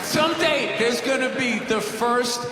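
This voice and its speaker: A man doing stand-up comedy at a high, strained pitch, ranting with lots of swearing and yelling his punchlines. The sound rings with a long hall reverb, and a big crowd with loud noise fills the room behind him. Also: unhurried. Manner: ranting, profane, shouting punchlines. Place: large live venue.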